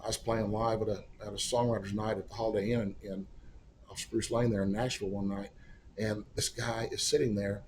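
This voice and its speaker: A man's voice: fairly low pitch, a little hiss or hum. A middle-aged man, a singer-songwriter guest, telling a long anecdote in a casual, wry, self-deprecating way and acting out the people he quotes. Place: studio or room in Oklahoma.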